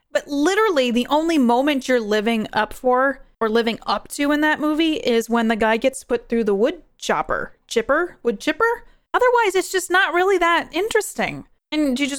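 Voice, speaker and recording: A young woman hosting a podcast, chatting casually on her own, animated and prone to rambling tangents. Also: high voice, no room sound, studio quality. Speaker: podcast host. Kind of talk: casual solo movie chat.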